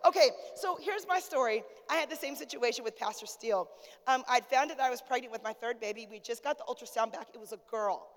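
High-voiced woman pastor preaching. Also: fast. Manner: lively, conversational preaching with church call-outs. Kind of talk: sermon. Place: church sanctuary. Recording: church hall with long reverb.

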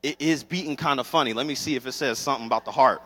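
A young man preaching a sermon as pastor, telling stories with lively, acted-out scenes. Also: mid-range voice, very fast. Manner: animated storytelling, acts out scenes. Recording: long hall reverb.

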